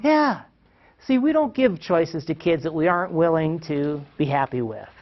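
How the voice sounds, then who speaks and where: Presenting a parenting workshop in a lively, classroom-like style, a man quizzes his audience and performs quotes while chuckling. His voice is a little high and animated, at normal speed, and the audio is dull.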